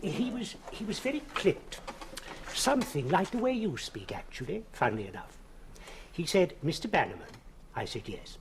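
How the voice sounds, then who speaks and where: A man's voice: a little high, sing-song, noisy background. An actor playing a polite, hesitant male undertaker in a 1970s television police drama. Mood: deferential. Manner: hesitant, deferential, halting.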